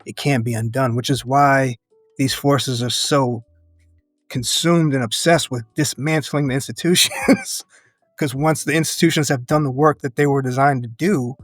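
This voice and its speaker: A man talking in an interview as an educator and activist, earnest and reflective, building his points in measured phrases and laughing often. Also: mid-range voice, steady tone, no room sound, clean studio sound, soft background music. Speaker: podcast guest, educator and activist.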